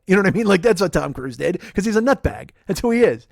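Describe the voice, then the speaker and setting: A man's voice: high-pitched, very animated, quick pace, gravelly, no echo, clean studio sound. A man hosting a podcast, telling rambling comic stories in casual chat, full of swearing. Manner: profane, rambling, jokey storytelling. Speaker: podcast host.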